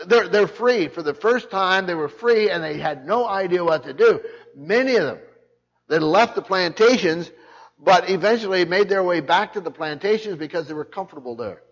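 An older male pastor preaches a sermon with lively intonation at a moderate pace, speaking emphatically and often repeating words and restarting sentences. The recording is muffled and low-fidelity.

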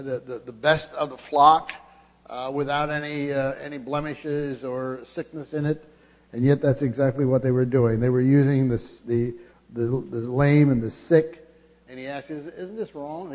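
A man preaching a sermon, halting, with many fillers and restarts, growing more emphatic as he goes. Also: mid-range voice, mellow. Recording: long hall reverb.

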